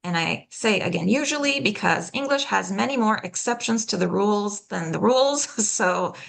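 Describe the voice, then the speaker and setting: A woman leading a pronunciation workshop, patiently explaining and slowly demonstrating sounds, checking in often with "okay?". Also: medium pitch, lively intonation, creaky, a bit bright, a little hiss or hum. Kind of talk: live online workshop teaching.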